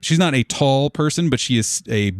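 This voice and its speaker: A man running a tabletop game as game master, describing scenes in a relaxed, rambling way with frequent fillers. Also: medium pitch, normal speed, no echo, studio quality.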